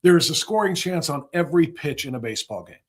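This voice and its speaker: A man's voice: a little high, lively intonation, fast. Rambling, sarcastic male talk host. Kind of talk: livestream political commentary.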